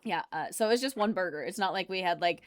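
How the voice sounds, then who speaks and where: A woman with a lowish voice talks fast during a live stream where she reacts to videos. She rambles along casually, answering comments from viewers as they come in.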